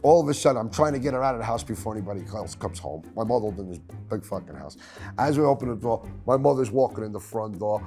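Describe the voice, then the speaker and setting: Profane New storyteller. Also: male voice, fairly low pitch, fast, soft background music. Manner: profane, animated, acts out voices. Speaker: podcast host.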